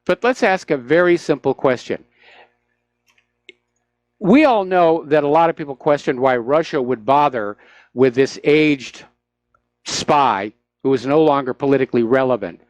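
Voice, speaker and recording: A man's voice: medium pitch, animated, measured pace, long pauses, dry recording. A man hosting a talk radio show, giving opinionated, sarcastic commentary with frequent "uh" fillers into a studio microphone.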